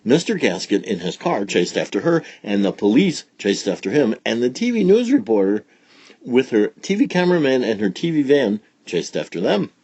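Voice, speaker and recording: A man reading a children's story aloud in a playful, expressive way. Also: mid-range voice, moderate pace, no room sound.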